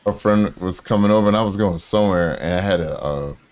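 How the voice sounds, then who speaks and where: A man's voice: low-pitched, fast, a little mellow, smooth. A man hosting a casual chat, telling loose, profane stories with lots of fillers. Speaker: host.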